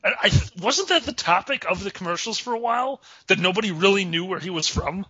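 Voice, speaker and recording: Guy cohosting a raunchy podcast, lively up-and-down voice, sorta high, dry dull recording. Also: slightly rough, dry recording. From Chicago area. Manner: quick joking, animated, breaks into laughter. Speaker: podcast co-host. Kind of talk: casual crude comedy banter. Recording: dry, slightly dull lo-fi sound.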